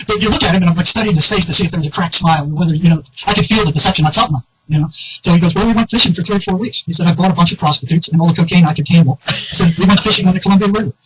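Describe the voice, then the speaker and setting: A man telling an animated anecdote in a casual conversation, often quoting others and laughing. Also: a little high, very fast, background noise.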